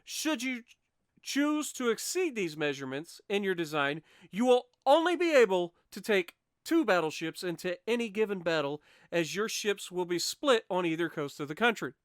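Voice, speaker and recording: A man's voice: high-pitched, very animated, moderate pace, clean tone, no room sound, studio quality. A man hosting a gaming channel, reading out challenge rules steadily with wry asides and self-corrections into a desk microphone.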